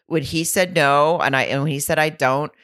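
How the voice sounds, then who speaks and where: Rambling woman with a very low voice. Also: moderate pace. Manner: rambling, restarts, animated retelling. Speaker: podcast co-host. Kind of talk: casual chat.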